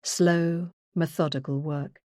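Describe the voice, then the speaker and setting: Woman narrator for a first-person true crime audiobook: low voice, measured and earnest, close and dry. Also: steady tone, mellow, dry recording.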